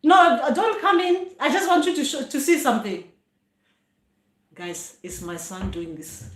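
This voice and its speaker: Middle-aged South African woman, traditional healer, casual stream host, high voice, laughs a lot, echoey room. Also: animated, measured pace, fairly bright tone. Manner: laughs often, exclaims "ay, ay". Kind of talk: casual live-stream chat. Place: home room.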